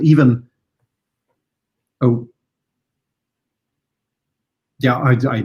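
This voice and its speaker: This is a man being interviewed over a video call as a trading coach. He speaks hesitantly, often restarting and repeating words. His voice sits at an average pitch for a man. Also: moderate pace, long pauses.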